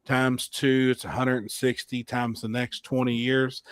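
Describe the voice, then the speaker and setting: Animated storytelling man with dry sound. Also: mid-range voice, a little slow, smooth, no room sound. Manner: animated storyteller, laughs often, acts out quotes. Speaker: podcast host. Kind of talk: casual storytelling chat.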